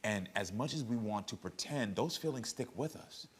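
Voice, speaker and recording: Calm, lower-voiced male talk show host. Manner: calm, measured, guiding and empathetic.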